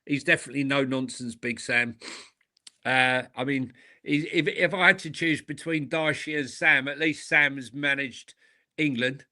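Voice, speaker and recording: A man's voice: medium pitch, unhurried, pushed and bright. A man co-hosting a casual football podcast, chatty and wry. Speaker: podcast co-host.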